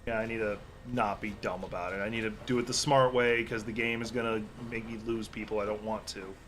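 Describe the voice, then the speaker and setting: A man's voice: on the low side, fairly even intonation, fairly quick, a bit bright, a little hiss or hum. A man livestreaming a game, giving casual, rambling commentary and swearing freely as he plays. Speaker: gaming livestreamer.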